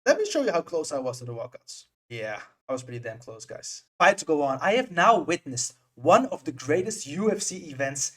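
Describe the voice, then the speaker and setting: A young man, a native Dutch speaker, tells a story in a brash, boastful, lively vlog style with some swearing. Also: fairly high pitch, moderate pace, few pauses. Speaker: vlogger.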